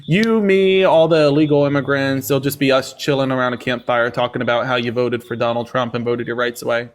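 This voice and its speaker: A man's voice: mid-range voice, steady tone, fairly quick. A man hosting a live-stream call-in debate, mocking and needling his guests and laughing often. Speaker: livestream debate host.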